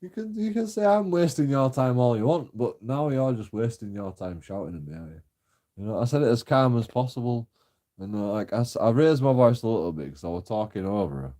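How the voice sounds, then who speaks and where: In a casual, sweary rant, a young vlogger tells a story, laughing and mocking often. His mellow mid-range voice moves brisk and lively in intonation through this monologue.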